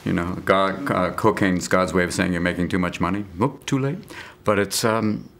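A middle-aged actor and comedian in an interview, riffing rapid-fire with sudden voices and whispers. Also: male voice, low voice, gravelly, a bit bright. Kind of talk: interview with comic riffs.

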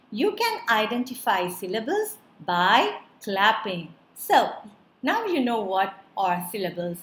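Woman teacher, slow and careful, clear drawn-out words, bright tone, echoey room. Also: mid-range voice, a little hiss or hum. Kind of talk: children's lesson narration.

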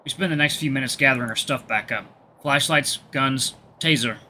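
A man hosting a gaming video, reading a visual novel aloud with relaxed, chatty asides. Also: medium pitch, normal speed, slight background noise.

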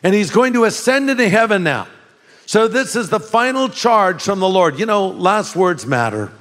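A man's voice: sits high, big pitch swings, normal speed, fairly bright tone, in a large hall. An older man preaching a sermon as a pastor, telling folksy stories with laughter and emphatic repetition.

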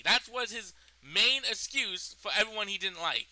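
A young man rambles through a personal story, swearing and restarting his sentences. His voice sits high and sounds very bright and sharp. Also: normal speed, few pauses, rough recording. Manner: rambling, profane, full of fillers and restarts. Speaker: storytime vlogger. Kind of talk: casual storytime.

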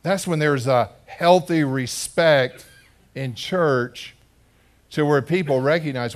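A man's voice: on the high side, slow pace. Conversational male pastor telling a story. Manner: conversational, asks the congregation questions. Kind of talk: storytelling sermon. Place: church sanctuary.

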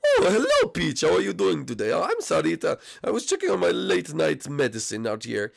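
A woman's voice: deep voice, wildly swooping pitch, fairly quick, vocal fry, full character voice. A woman voicing a flustered male village doctor in a Minecraft role-play video, in a sing-song manner. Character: nervous high-voiced male village doctor.

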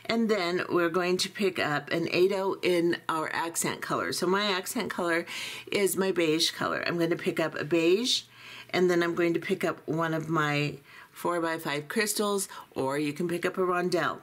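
Low-voiced woman teaching beadwork. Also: moderate pace. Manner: calm, methodical, talks through each step. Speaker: beading instructor. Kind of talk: step-by-step tutorial.

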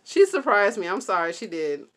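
A young woman, excitedly unboxing products at home and talking to her viewers. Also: medium pitch, moderate pace, very noisy. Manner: gushing and excitable, addresses viewers as y'all and you guys. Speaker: vlogger. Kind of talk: product haul vlog. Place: home, indoors.

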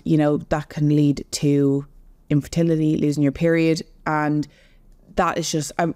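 Her voice is low-pitched and darkish as this young woman, an online fitness coach, explains earnestly during a casual podcast chat, addressing female listeners directly.

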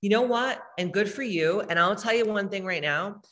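A woman's voice: mid-range voice, normal speed, a bit bright, in a large hall. A woman spiritual healer hosting a live meditation, talking casually and bluntly with lots of swearing as she reads chat comments. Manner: blunt, profane, emphatic.

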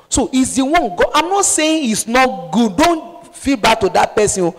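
A Nigerian woman preaches with fervent conviction, her voice rising to forceful exhortation before dropping to urgent, hushed pleas. She talks straight at the congregation in a sermon style. The recording rings with a long reverb from a large hall. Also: fairly high pitch, very animated, moderate pace, few pauses. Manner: impassioned, pleading, swings from loud exhortation to hushed appeals.

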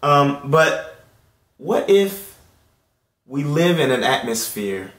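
A man's voice: on the high side, slow, reverberant. Earnest young man giving a testimony. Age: late 20s. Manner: earnest, swings from hushed and tearful to loud and excited. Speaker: Christian video host. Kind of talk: personal faith testimony. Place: indoor room at home.

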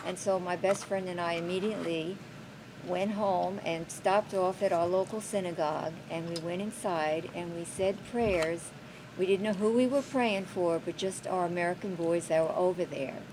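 Low-voiced older woman telling a memory. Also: fairly even intonation, normal speed, noisy background. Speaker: veteran's wife. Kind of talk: personal storytelling.

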